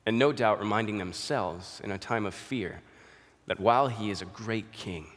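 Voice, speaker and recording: Male preacher, lower voice, expository sermon recorded in a reverberant hall. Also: a bit bright.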